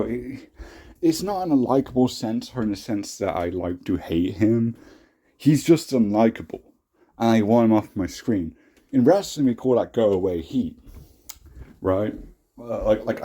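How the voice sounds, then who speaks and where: A young British man who reviews on YouTube speaks in a fairly low, mellow voice. He casually gives his opinions, rambling with frequent restarts and blunt swearing.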